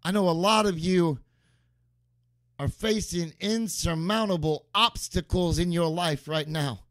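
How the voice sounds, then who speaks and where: A man's voice: high voice, unhurried, fairly bright tone, dry recording. A man preaching a sermon as pastor, emphatic and repeating key phrases for stress.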